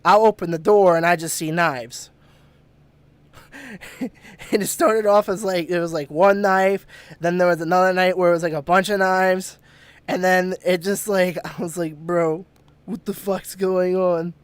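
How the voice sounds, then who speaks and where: A man's voice: high voice, normal speed, long pauses, smooth, no echo. A man hosting a podcast, telling a story casually with lots of swearing and laughter. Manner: profane, laughing, animated retelling. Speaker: podcast host.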